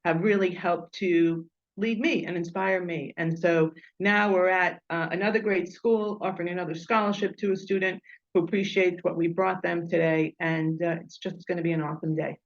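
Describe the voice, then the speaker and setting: A woman's voice: lowish voice, fairly even intonation, normal speed. A woman, a nonprofit founder talking earnestly and heartfelt as an interview guest. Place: at a high school event. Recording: slightly dull lo-fi sound.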